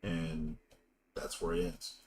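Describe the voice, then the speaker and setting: A man's voice: very deep voice, monotone, takes it slowly, background noise. A man narrating a tabletop game as game master, describing scenes at length with many fillers.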